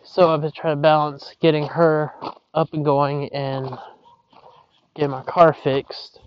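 Guy rambling slow on his podcast outside in a yard, hot and breathing hard, kinda muffled dull sound, no headset. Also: a little high, little pitch movement, slight background noise. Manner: rambling, apologetic. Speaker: podcast host. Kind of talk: casual rambling monologue. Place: outdoors in a yard. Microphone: not his usual headset. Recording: dull lo-fi outdoor recording.

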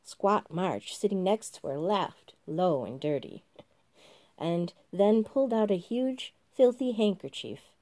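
A woman hosting a podcast reads a story aloud in a gentle, relaxed way. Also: mid-range voice, takes it slowly, dry recording. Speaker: podcast host reading a story. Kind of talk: storybook narration.

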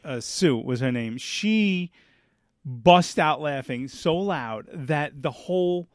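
Guy cohosting a podcast, rambles and loses the thread, kinda high voice, dry close sound. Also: animated, slow pace, no echo. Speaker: podcast co-host. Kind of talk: casual chat.

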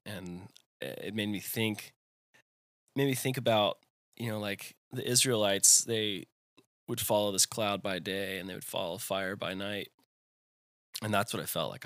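A man's voice: fairly low pitch, bright, forceful tone, no room sound, clean studio sound. A young man in his twenties telling a personal faith story in conversation, rambling with lots of fillers. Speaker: guest.

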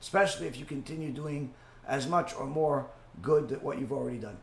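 A man teaching a Torah class and answering questions, halting with many fillers and repeating key phrases. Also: mid-range voice, vocal fry, reverberant, slight background noise. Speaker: rabbi teacher.

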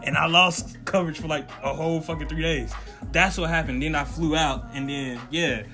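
A man's voice: on the high side, fairly even intonation, moderate pace, music in the background. A young man co-hosting a podcast, telling his side of a story in a laid-back, profane way with laughing retorts. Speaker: podcast co-host. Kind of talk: casual storytelling chat.

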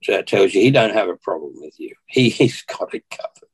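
A man's voice: on the low side, brisk, husky, low-quality recording. Australian man telling his story. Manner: animated storyteller who acts out what people said. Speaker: podcast guest. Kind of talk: personal storytelling in conversation.

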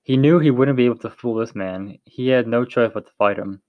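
A man's voice: medium pitch, a little fast, no echo, phone-quality sound. A man reading a story aloud in a plain way, with frequent slips and restarts. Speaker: narrator.

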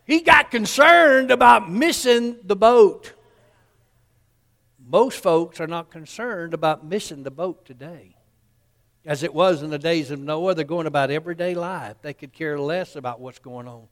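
A man's voice: on the high side, normal speed, long reverb tail. A man, preaching a sermon in a folksy storytelling way and acting out the people in his story.

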